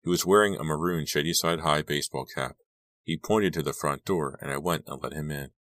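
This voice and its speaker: A man narrating a teen horror audiobook in the first person, reading in a steady, measured way. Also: a bass voice, no echo.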